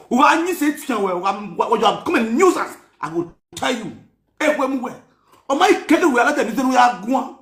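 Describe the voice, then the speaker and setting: A man with a very high voice rants at length, scolding and mocking as he mixes Pidgin and Yoruba. He often breaks into shouting. His voice rings in an echoey room. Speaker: commentator. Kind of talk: ranting commentary.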